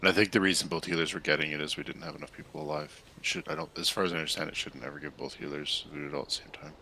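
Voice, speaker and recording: A man's voice: extremely low pitch, steady tone, very fast, gravelly, bright, forceful tone, a little hiss or hum. A man in a raid's voice chat, explaining game mechanics to the group. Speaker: raid member. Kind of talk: casual gaming voice chat.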